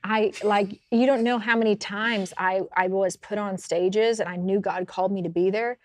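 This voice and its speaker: A woman talks through her story with lively, animated energy, laughing as she goes. Her voice sits at a middle pitch and sounds dry and close, with no room around it. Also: normal speed, no echo. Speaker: podcast co-host. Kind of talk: casual faith chat.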